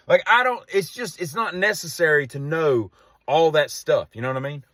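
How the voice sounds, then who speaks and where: A man's voice: a little high, lively intonation, moderate pace, fairly bright tone, no echo, clean studio sound. A man telling a rambling story and ranting casually to camera, exasperated. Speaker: vlogger.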